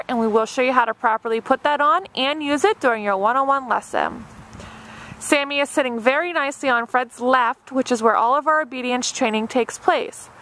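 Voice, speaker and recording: A woman's voice: high-pitched, a bit bright, slight background noise. A woman dog trainer narrating an obedience demonstration step by step, with a patient and encouraging manner. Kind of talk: instructional narration.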